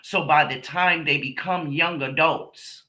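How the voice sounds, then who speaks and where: A woman's voice: low-pitched, steady tone, a little slow, sharp tone. A middle-aged woman hosting a stream, telling a personal story to her viewers in a blunt, profane, emphatic way. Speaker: streamer host. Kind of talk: casual monologue to viewers.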